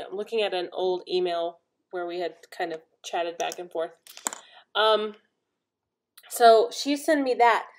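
A young woman hosting a crafting podcast at home, chatting casually in an excitable, rambling way and laughing often, tired after a workday. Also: medium pitch. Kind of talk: casual chat. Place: home, indoors.

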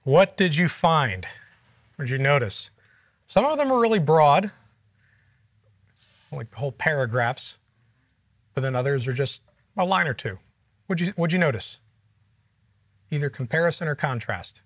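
A man's voice: fairly high pitch, lively intonation, a little slow, long pauses, dry recording. A man teaching a group Bible study, explaining verses and asking the room questions in a conversational way.

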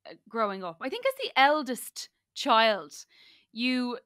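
A woman's voice: fairly high pitch, animated, a little slow, a bit bright, clear, resonant tone. An Irish woman in her twenties hosting a podcast, playful and giggly as she interviews her older sister. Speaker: podcast host. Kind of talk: casual interview chat.

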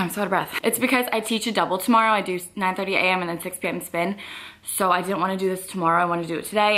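A woman's voice: mid-range voice, a bit bright. A woman fitness vlogger chatting casually at home in an upbeat, filler-heavy way. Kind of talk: casual vlog chat.

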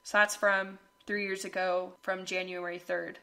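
A woman's voice: medium pitch, flat delivery, unhurried, fairly bright tone. A young woman hosting a podcast, talking earnestly about hard times and reading aloud from her old journal entries. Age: young adult. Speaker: podcast host. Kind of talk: personal reflective monologue.

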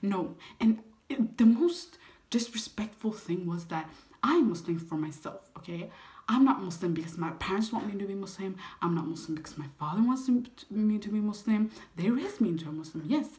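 An eighteen-year-old woman vlogger telling a dramatic story, lively, with frequent whispered asides. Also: medium pitch, moderate pace. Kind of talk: storytime vlog.

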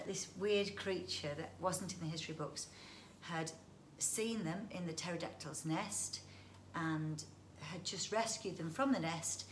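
A woman reading a children's book aloud, with chatty asides to the listener. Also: lowish voice. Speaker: storyteller. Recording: roomy echo, faint background noise.

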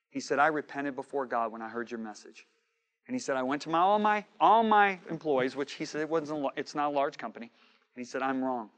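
A man preaching a sermon, telling a story with quoted dialogue and swinging from shouting to hushed asides. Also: mid-range voice.

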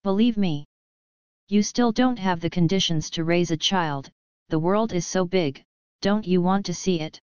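A woman's voice: fairly low pitch, a little slow, smooth, no echo, highs cut off, lightly acted. A woman voicing a stern, protective young man who lectures his friends, in an audiobook. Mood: persuading.

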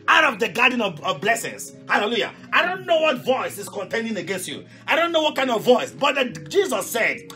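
A pastor leading a fervent live prayer sermon, shouting repeated commands and breaking into tongues. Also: male voice, sits high. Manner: speaks in tongues between prayers.

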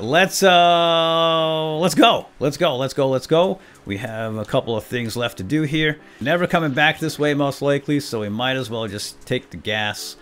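A man hosting a let's-play, chatting playfully to himself and his vehicle as he plays, with sudden excited yelps. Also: medium pitch. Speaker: gaming let's-play host. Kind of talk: playful gameplay commentary.

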